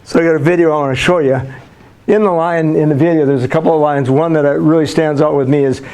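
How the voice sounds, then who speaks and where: An older man speaks to a class of students, slightly high in pitch for a man. He tells homespun stories, stopping and restarting with plenty of fillers. His talk is easygoing and motivational. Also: steady tone, quick pace, a little mellow. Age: 60s. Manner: folksy storytelling with frequent fillers and restarts. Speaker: guest speaker, school counselor.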